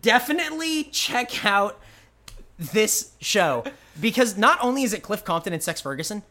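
A man co-hosting a podcast, chatting casually with a lively, bouncing pitch. His voice is bright and forward, and his talk is loose, profane and full of laughs. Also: moderate pace. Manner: profane, rambling, laughs often. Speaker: podcast co-host.

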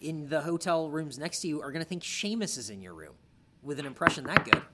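A man's voice: a little high, animated, pushed and bright. A man co-hosting a podcast, recapping wrestling in casual chat, enthusiastic, swears a lot, teases his co-host. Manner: enthusiastic, profane, quick to tease.

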